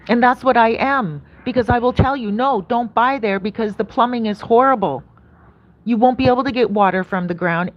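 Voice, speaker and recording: A woman real estate advisor talking in a casual vlog rant, animated and emphatic, firing off rhetorical questions. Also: on the high side, lo-fi sound.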